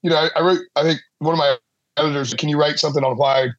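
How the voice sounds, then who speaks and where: A male sportswriter chatting as a podcast guest. His voice sits a little high, and he rambles in a self-deprecating way, laughing often. The recording is dry and close. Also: steady tone, rapid-fire, a bit bright, no echo, muffled recording. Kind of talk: casual sports chat.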